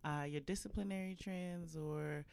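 A woman guest explaining her work in a thoughtful, measured way with some fillers. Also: fairly low pitch, steady tone, creaky, a little mellow. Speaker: guest, diversity practitioner. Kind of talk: interview answers.

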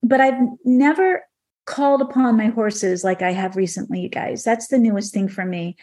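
A woman's voice: fairly high pitch, moderate pace, darkish tone. A woman on a podcast telling an emotional personal story in a conversational, earnest way, with many fillers. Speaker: podcast guest speaker.

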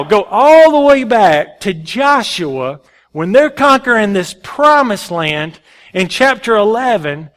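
A male pastor preaching a sermon in an animated, folksy storytelling way. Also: sits high.

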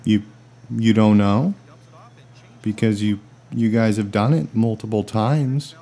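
A man acting in a comedy sketch, with a dry, exasperated deadpan delivery. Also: fairly low pitch, slow pace. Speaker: comedy podcast host.

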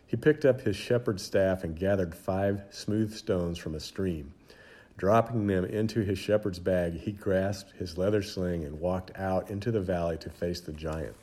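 Deep, mellow male storyteller. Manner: dramatic, measured storytelling. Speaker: narrator. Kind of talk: scripted storybook narration.

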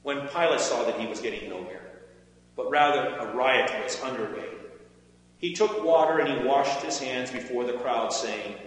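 A man giving a measured, expressive scripture reading in a church. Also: medium pitch. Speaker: scripture reader. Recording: echoey hall with faint hum.

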